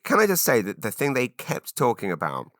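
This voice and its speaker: A man's voice: mid-range voice, wildly swooping pitch, brisk, a bit bright, dry recording, studio quality. A British man in his forties from England, hosting a solo podcast in a rambling, self-deprecating way full of fillers and restarts. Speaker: podcast host.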